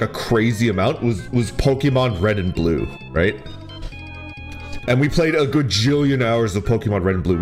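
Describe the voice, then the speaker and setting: Male VTuber, casual storyteller, animated with a lively pitch, laughs through his lines, heavy on fillers. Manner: animated, laughs often while talking; full of fillers like "like" and "right?". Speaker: VTuber streamer. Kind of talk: casual chat, telling a childhood story.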